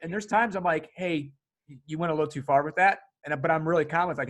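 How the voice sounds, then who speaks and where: A man hosting a podcast rattles along at a quick clip in a fairly high voice. He is casual and excitable, and he swears freely. Laughter often breaks into his talk. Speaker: podcast host.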